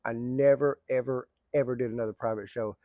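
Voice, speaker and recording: A man's voice: mid-range voice, fairly even intonation, brisk, warm tone, dry recording. A middle-aged man telling a long story in a rambling, colloquial, folksy way. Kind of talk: casual spoken storytelling.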